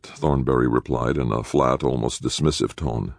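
Very deep gravelly male narrator. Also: normal speed, no echo, clean studio sound. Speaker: audiobook narrator. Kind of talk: scripted narration.

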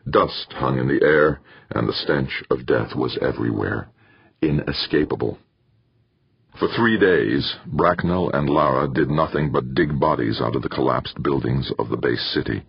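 A man narrating an audiobook in a steady, somber way. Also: rumbling low, normal speed, vocal fry, husky, dry recording. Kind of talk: scripted narration. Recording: muffled dry recording.

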